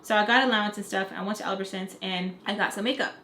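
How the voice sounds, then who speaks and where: Young woman vlogger, quick chatty storytelling, roomy echo. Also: medium pitch. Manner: animated, chatty, frequent "like" fillers. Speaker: vlogger telling a personal story. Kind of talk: casual storytime narration. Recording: roomy echo with faint background noise.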